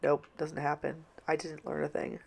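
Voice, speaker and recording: A woman's voice: deep voice, level tone, normal speed, gravelly, a little mellow, breathy edge. Congested woman rambling through a cold. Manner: apologetic, rambling. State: congested, stuffy-nosed from a cold. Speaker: planner vlogger. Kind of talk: casual voiceover chat. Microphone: home voiceover mic.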